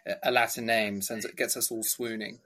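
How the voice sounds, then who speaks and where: An Englishman, co-hosting a podcast in casual chat, relaxed and wry. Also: lowish voice, a little fast. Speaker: podcast co-host. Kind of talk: casual chat reviewing a quiz show.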